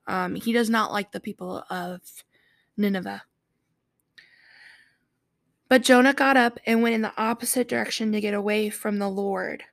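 A woman's voice: medium pitch, fairly even intonation, moderate pace, creaky, long pauses, dry recording. A woman reading a Bible story aloud, stopping often for chatty, informal commentary full of "like" and "um". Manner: chatty asides, fillers like "like" and "um". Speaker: Bible teacher.

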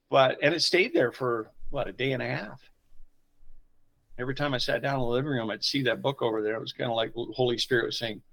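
A middle-aged man, a pastor telling personal stories in an interview, swinging from quiet asides to loud emotional bursts. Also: medium pitch, fast, vocal fry, low-quality recording. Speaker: pastor, podcast guest. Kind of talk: conversational storytelling interview.

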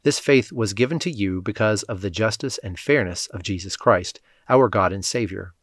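Low-voiced man reading scripture aloud. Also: no room sound, studio quality. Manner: measured, even reading with light voicing of quotes. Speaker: scripture reader.

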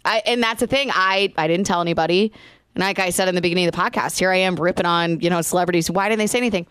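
A woman co-hosting a podcast in a somewhat low voice, speaking candidly and earnestly. Her delivery is plain and direct. The sound is dry and close, with no room echo. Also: very fast, fairly bright tone, clean tone. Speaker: podcast co-host. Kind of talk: casual chat.

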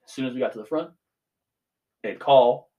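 A man's voice: mid-range voice, normal speed, muffled recording. A young man in his twenties ranting casually as a podcast co-host, swearing freely. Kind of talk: casual chat.

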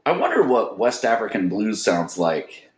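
A man with a fairly low voice talks casually, chuckling and rambling eagerly. His voice carries the echo of a roomy space. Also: wildly swooping pitch, moderate pace. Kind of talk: casual chat.

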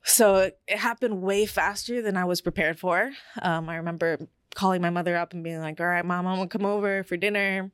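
A woman's voice: fairly low pitch, fairly even intonation, fairly quick, few pauses, clean tone, no room sound, studio quality. A young woman on a podcast, candidly telling a personal story in casual chat, with many fillers. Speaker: podcast co-host.

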